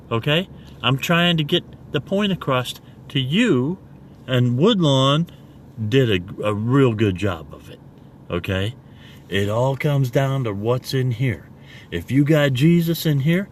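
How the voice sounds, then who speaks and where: A man records himself preaching in a loose, rambling way, stopping after nearly every point to ask "okay?". He talks slowly and now and then spells words out one letter at a time. Faint vehicle noise hums behind him. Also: a little high. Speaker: self-made online preacher. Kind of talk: casual video review and preaching.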